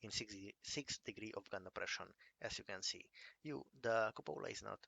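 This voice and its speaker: A man giving a casual game review, enthusiastic and halting, calling things amazing again and again. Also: fairly low pitch, gravelly, bright, forceful tone, dry recording. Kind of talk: casual gameplay commentary.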